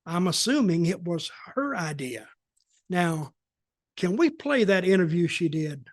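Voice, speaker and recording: A man's voice: high-pitched, big pitch swings, measured pace, dry recording, studio quality. An American man chatting as a podcast co-host in a folksy, rambling way, often repeating his words. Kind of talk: casual storytelling chat.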